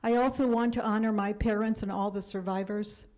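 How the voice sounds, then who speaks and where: A woman in her seventies giving a talk about her life, speaking earnestly and sometimes dropping to a hush for emphasis. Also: medium pitch, steady tone, brisk, low-quality recording. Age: 70s. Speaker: guest speaker. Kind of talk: personal storytelling lecture.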